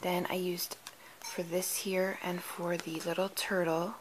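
Woman, crafter, casual show-and-tell, slow, low-ish, background hiss. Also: flat delivery. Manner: chatty, stumbles over names, quick apologies. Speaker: card-making crafter.

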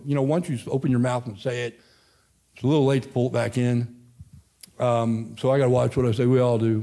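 A Midwestern American man in his fifties leads a casual church Bible study as pastor emeritus. His mid-pitched voice rambles in a folksy way, often stopping partway through a thought and starting over. He speaks to a class gathered in a church room. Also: darkish tone. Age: 50s. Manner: folksy, rambling, self-interrupting. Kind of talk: informal Bible study teaching.

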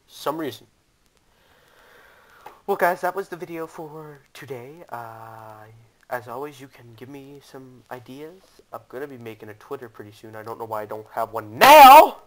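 A man doing let's play commentary, talking to his viewers and yelling and cursing at the game as he plays. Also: mid-range voice. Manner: excitable, yells and curses at the game. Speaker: gaming YouTuber.

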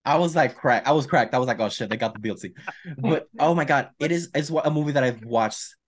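A man's voice: mid-range voice, fast. A man co-hosting a podcast, chatting casually and gushing with lots of stumbling restarts. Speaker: podcast co-host. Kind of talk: casual chat.

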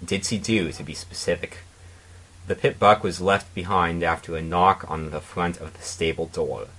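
A man narrating a comedic dramatic reading of fan fiction in a deadpan way, with mocking asides. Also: low voice, moderate pace.

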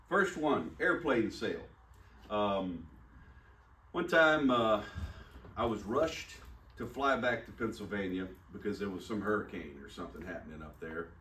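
A pastor with a lowish voice and fairly bright tone delivers a sermon, acting out the dialogue as he tells a personal story in a conversational, self-deprecating way. The room echoes and the mic is placed at a distance.

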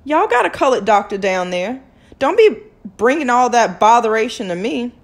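A woman's voice: a little high, sing-song, normal speed. A woman voicing a cold, sneering male town doctor who answers curtly and with contempt in a drawling dialect.

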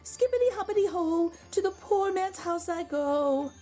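A woman's voice: extremely high pitch, slow, a little mellow, faint music behind, voice pushed up. A woman voicing a cheeky magic wok that chants a sing-song rhyme.

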